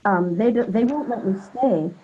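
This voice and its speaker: A woman who works as a psychic sound healer, adding a quick anecdote while calling in over the phone. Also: mid-range voice, slightly rough. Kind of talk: casual added anecdote. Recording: dull phone line.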